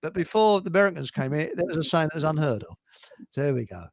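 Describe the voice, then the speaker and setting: A man's voice: a little high, expressive, fast, dry recording. A man hosting a casual livestream, reading out viewer comments and laughing at his own crude jokes. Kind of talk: casual chat.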